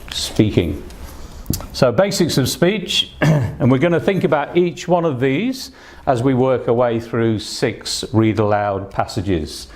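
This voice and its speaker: Man, English test tutor, online lesson, patient, encouraging, fillers, mid pitch. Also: a little mellow. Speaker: English test prep teacher.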